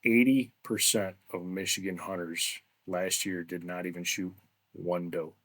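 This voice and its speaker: A man hosting a podcast, chatting and asking questions in a relaxed, conversational way. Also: low-pitched, a little slow. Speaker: podcast host. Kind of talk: casual interview chat.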